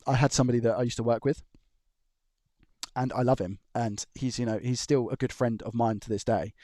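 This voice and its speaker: A man's voice: medium pitch, fairly even intonation, a little fast, warm tone, no echo. Chatty man, dry close sound. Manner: rambling, chuckling storyteller who restarts sentences. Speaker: electronics repair live streamer. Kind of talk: casual chat on a live stream. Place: his own room at home.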